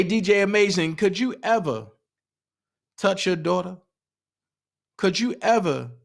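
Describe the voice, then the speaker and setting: Fired-up guy with aave ranting on his stream, pitch a bit high, keeps hitting the chat with questions. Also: creaky. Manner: indignant, asks the chat pointed questions. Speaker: livestream host. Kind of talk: heated livestream commentary.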